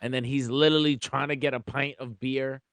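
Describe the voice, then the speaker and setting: A man's voice: mid-range voice, steady tone, brisk, fairly bright tone, dry recording, studio quality. Laid-back man in casual movie chat. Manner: easygoing, many fillers and restarts.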